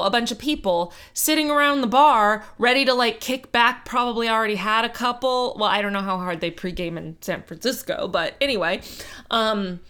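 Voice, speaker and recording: Bright-voiced woman in chatty tangents. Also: on the high side, clean tone. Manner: reactive, quick with exclamations and tangents, swears. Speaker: podcast co-host. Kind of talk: casual chat reacting.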